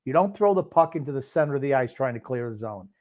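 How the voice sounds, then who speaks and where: Dry, gruff man pausing a lot. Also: medium pitch, animated, darkish tone. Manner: dry, gruff, with long pauses. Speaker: podcast co-host. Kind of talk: casual sports commentary while watching a game.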